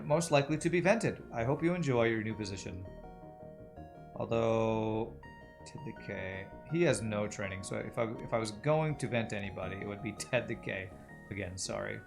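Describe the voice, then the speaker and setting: A man narrates his own gameplay in a loose, conversational way, pausing to answer viewers. His voice has a gravelly rasp, and faint game music sits beneath it. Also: lowish voice. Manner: musing aloud, chatting with viewers. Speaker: streamer. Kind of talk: casual gameplay commentary.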